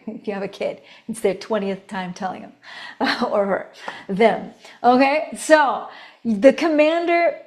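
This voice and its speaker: A woman teaching a recorded voice lesson, her voice sitting a little higher than most. She is animated, demonstrating each tone by shifting her pitch and volume, and she laughs often between points. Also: unhurried. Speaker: voice coach.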